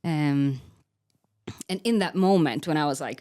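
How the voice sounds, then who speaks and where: A woman's voice: sits low, animated, unhurried, a little mellow, no echo, clean studio sound. A young woman giving an earnest, candid personal faith testimony as a podcast guest, with frequent "like" fillers. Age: young adult.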